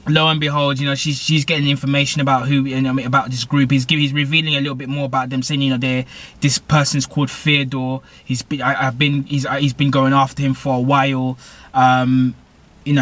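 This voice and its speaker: A man's voice: medium pitch, a bit bright. A young British man casually recapping a TV episode, rambling with lots of fillers and corrections. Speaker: TV show reviewer.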